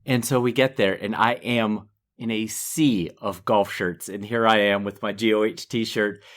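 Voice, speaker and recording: A man's voice: lowish voice, fairly even intonation, unhurried, fairly bright tone. A middle-aged man co-hosting a podcast, telling a self-deprecating story in casual chat and laughing often. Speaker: podcast co-host.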